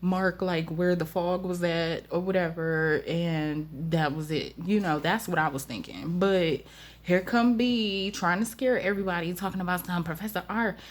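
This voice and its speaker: A woman casually telling a story to her vlog audience, animated and colloquial, repeating phrases and laughing now and then. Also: fairly low pitch, moderate pace. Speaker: storytime vlogger.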